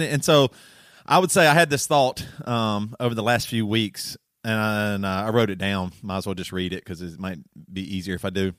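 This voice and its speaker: A man's voice: lowish voice, moderate pace, fairly bright tone, no room sound, studio quality. Rambling Southern man on a podcast. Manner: rambling, self-correcting, laughs often. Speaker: podcast co-host. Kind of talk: casual chat.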